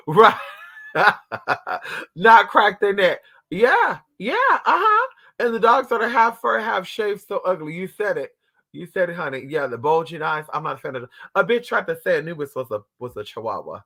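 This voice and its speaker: This livestream host talks to his viewers in a brash, profane, dramatic style, acting out the people and dogs in his story. His voice is pushed and bright, with lively intonation at a normal speed, and it swings between high squeals and low mutters.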